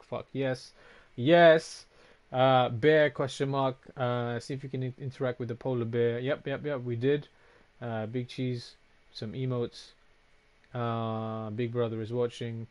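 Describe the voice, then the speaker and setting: A man streaming a game, chatting casually with his viewers, reading out and answering comments, with frequent swearing. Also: medium pitch. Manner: casual, swears often, reacts to chat.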